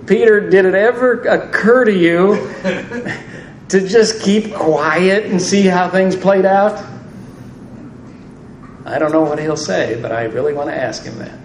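Man, sermon, dry humor, slow, echoey room, faint ambience. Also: high-pitched, slight background noise. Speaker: preacher. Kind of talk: sermon on scripture. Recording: roomy echo, distant mic, faint ambience.

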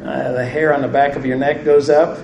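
A man's voice: mid-range voice, little pitch movement, fairly quick, gravelly, a little mellow, highs cut off, slight background noise. A man preaching a sermon, conversational with dry humor. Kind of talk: sermon on scripture. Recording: roomy echo, distant mic, faint ambience.

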